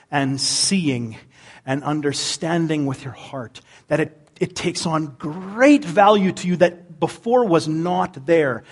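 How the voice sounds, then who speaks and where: High-voiced man preaching a sermon. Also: breathy edge. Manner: conversational, repeats words when searching. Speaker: pastor.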